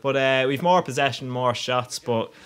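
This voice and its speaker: His clean, mid-range voice moves at a moderate pace as he narrates football video game play. A young gaming YouTuber, he's excitable and rambling, breaking into frequent laughter and plenty of swearing.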